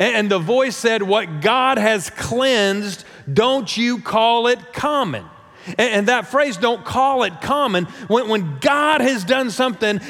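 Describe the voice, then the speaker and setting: A middle-aged male pastor with a high voice preaches to his church, building to emphatic peaks and tossing in rhetorical "right?" checks. He often stumbles and repeats words as he starts a phrase. His voice carries a long reverb from the large sanctuary. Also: fairly bright tone. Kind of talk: sermon.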